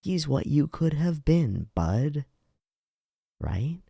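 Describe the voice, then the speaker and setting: A man's voice: fairly high pitch, big pitch swings, extremely slow, creaky, warm tone, slightly rough, no echo, studio quality. A man hosting an anime reaction video, speaking bluntly and emphatically, with some swearing. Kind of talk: reaction commentary.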